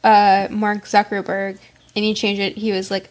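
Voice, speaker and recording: A woman's voice: medium pitch, monotone, moderate pace. A woman co-hosting a comedy podcast, tossing in dry, teasing quips. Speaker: podcast co-host. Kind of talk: casual comedic banter.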